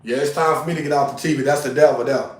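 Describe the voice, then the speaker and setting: A man on a casual livestream talks very fast in a fairly high voice with fairly even intonation, agitated, profane, and repetitive. He's distant from the mic, which gives the audio a roomy sound.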